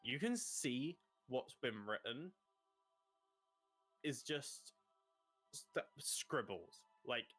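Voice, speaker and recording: A man narrating as game master of a tabletop role-play, halting and laughing often. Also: mid-range voice, lively intonation, fairly bright tone, slightly rough. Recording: dry close mic with faint music.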